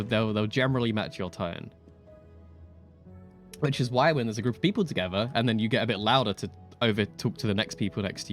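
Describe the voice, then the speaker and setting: Excitable low-voiced gaming streamer man. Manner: chatty, excitable, quick asides and laughs. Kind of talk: casual gameplay commentary.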